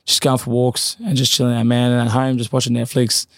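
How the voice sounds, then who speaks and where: A man's voice: mid-range voice, monotone, no echo, clean studio sound. A man, a professional boxer talking casually as a guest in an interview, full of fillers and restarts. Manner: rapid, loose, repeats fillers.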